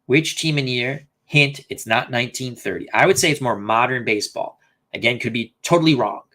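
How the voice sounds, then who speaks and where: A man's voice: mid-range voice, brisk, pushed and bright. A man hosting a casual live stream, thinking aloud and reading out viewer comments. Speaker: host.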